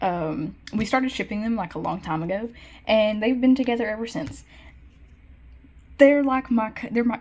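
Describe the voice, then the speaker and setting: With a medium-pitched voice, a young woman art vlogger walks through her sketchbook casually. Her talk rambles, full of fillers and self-corrections, and she gets excited in bursts over the drawings she loves most.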